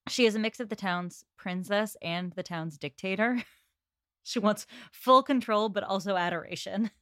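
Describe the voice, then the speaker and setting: A woman in a casual podcast discussion who adds quick conversational comments. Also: mid-range voice, fairly bright tone, no room sound, studio quality.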